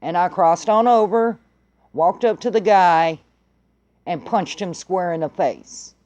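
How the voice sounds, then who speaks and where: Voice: mid-range voice, slow, a little mellow, dull audio. A vlogger telling a story in a blunt, heated way and swearing freely. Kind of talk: casual profane storytelling.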